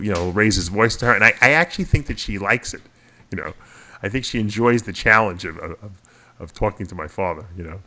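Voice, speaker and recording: Middle-aged guy rambling thru a story, lowish voice, kinda bright and forceful. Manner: rambling, restarts often, chuckles through stories. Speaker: podcast co-host. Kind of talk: casual storytelling chat.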